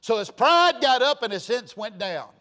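A man with a high voice preaches a sermon from the pulpit. He repeats his phrases for emphasis and swings from quiet asides to sudden loud bursts, in a folksy manner. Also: big pitch swings, normal speed. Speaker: pastor.

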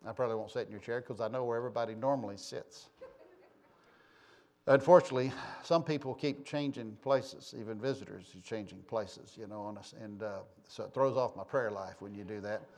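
A man's voice: lowish voice, a little fast, a little mellow. A man preaching a sermon in a church, folksy and conversational, teasing members of his congregation. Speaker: pastor. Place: church sanctuary.

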